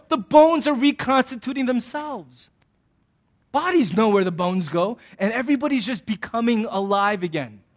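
Male pastor, high voice, sermon with animated asides and playful humor. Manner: humorous, conversational preaching.

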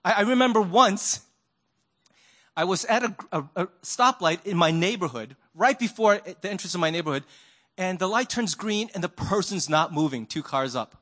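A man's voice: high voice, expressive, moderate pace, fairly bright tone. A man preaching a conversational sermon, telling stories and asking rhetorical questions. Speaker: pastor.

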